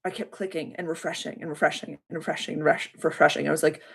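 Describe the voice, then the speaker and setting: A woman's voice: deep voice, steady tone, fast talker, vocal fry, husky. A woman hosting a live call as a spiritual coach, telling a story in a heartfelt, rambling, emotional way and thanking her viewers. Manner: addresses viewers by name and thanks them warmly. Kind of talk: casual livestream chat.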